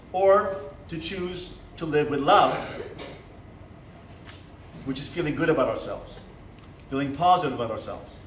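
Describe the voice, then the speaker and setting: In a seminary classroom, a man who is a rabbi delivers a motivational talk, his voice a little high. He poses questions to the class and plays out small dialogues, captured from a distance in an echoey room with a faint hiss or hum.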